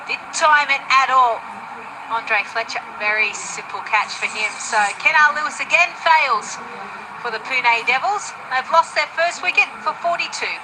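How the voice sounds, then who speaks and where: A woman's voice: high-pitched, normal speed, noisy background. A woman doing live cricket commentary, analysing bowling and batting technique.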